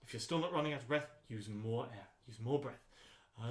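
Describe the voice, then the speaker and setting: A man leading a choir rehearsal voice lesson, giving calm, unhurried instructions with frequent ums. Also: medium pitch. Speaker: choir voice teacher. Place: rehearsal room. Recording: echoey rehearsal room.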